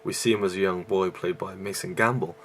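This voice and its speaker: Casual male vlogger reviewing a film: low, gravelly, short of breath, rambling delivery. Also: fairly even intonation, fairly quick, slight background noise. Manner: rambling, with many fillers and restarts. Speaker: YouTube movie reviewer.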